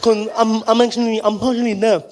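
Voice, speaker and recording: A man's voice: high voice, level tone, a little fast, a little mellow, pitched above the performer's own voice, lightly acted. A man putting on an eager deaf superfan. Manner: blunt, eager, teasing. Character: excited partially deaf male athlete fan.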